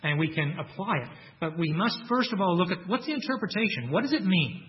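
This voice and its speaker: A man's voice: sits high, big pitch swings, a little fast, muffled recording. A man preaching a sermon, earnest and repeating his phrases, his voice lifting when he quotes Scripture.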